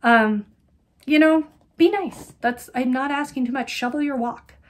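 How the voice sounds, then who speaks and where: A woman's voice: sits high, measured pace. A middle-aged woman hosting a knitting podcast, chatting casually and rambling with lots of ums and wry asides. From Colorado, USA. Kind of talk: casual chat.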